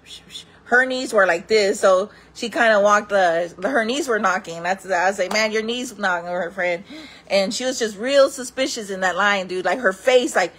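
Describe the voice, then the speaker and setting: A woman vlogger telling wild stories in casual talk, laughing often, calling her viewers friends and acting out other people in loud voices. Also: mid-range voice. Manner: acts out quoted people in loud raised voices.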